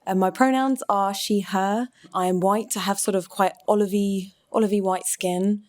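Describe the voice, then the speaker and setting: A woman's voice: mid-range voice, steady tone, normal speed, a little mellow, no room sound, clean studio sound. A woman in her twenties, a stage actor, chattily describing herself and her roles for an audio introduction, hedging often with "sort of". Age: 20s.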